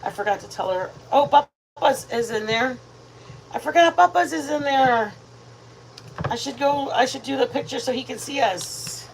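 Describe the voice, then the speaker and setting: Woman, home cooking livestream host, rambling chatty delivery, slightly high voice, faint background noise. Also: moderate pace, gravelly, rough recording. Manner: chatty, rambling, addresses viewers as "you guys". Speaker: host of a live cooking stream. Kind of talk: casual live-stream chat while cooking. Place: home kitchen.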